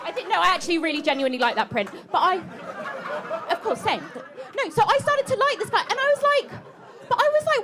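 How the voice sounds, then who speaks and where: A woman's voice: very high voice, expressive, brisk, fairly bright tone. A woman, doing a chatty, self-mocking stand-up set and teasing the crowd in a comedy club. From England. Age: 30s. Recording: live club recording with audience noise.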